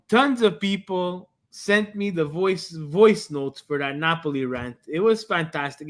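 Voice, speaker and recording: A man co-hosting a casual football podcast, excitable and given to cheering. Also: on the high side. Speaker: podcast co-host. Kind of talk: casual sports talk.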